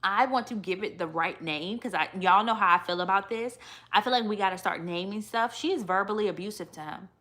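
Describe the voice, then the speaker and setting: Brief: woman host, live recap show, animated and emphatic, sassy. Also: mid-range voice, fairly quick. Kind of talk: live aftershow commentary.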